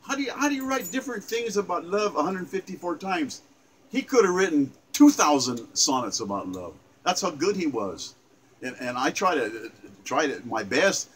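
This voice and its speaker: A man's voice: on the high side, very animated, normal speed, fairly bright tone, slight background noise, low-quality recording. A man in his seventies earnestly reciting his own sonnet, emphatic and repeating phrases with small stumbles. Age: 70s. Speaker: poet.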